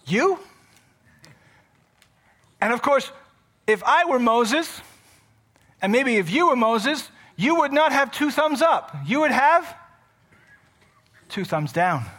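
A male pastor preaching a sermon in an animated, conversational storytelling manner with playful asides. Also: very high-pitched, a little slow.

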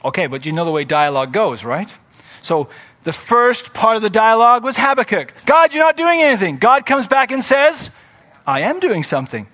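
High-voiced preacher, expressive delivery. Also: male voice, normal speed. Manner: expressive, acts out scripture voices with rising emphasis. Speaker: pastor. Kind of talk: sermon.

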